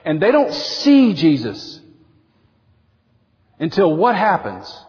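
Male pastor, high voice, animated sermon delivery, dull lo-fi sound with a long hall echo. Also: takes it slowly. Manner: animated preaching, voices quotes with big pitch swings.

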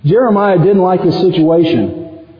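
A male pastor preaching a sermon in an animated way, acting out quoted prayers as he goes. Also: unhurried, echoey room, long reverb tail, highs cut off. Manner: animated, acts out quoted prayers with sudden rises in pitch.

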